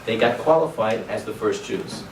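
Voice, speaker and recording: A male rabbi teaching a class as animated storytelling. He swings between loud exclamations and hushed asides and drops in Hebrew and Yiddish words. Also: fairly low pitch, normal speed. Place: synagogue classroom. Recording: echoey room, distant mic, faint noise.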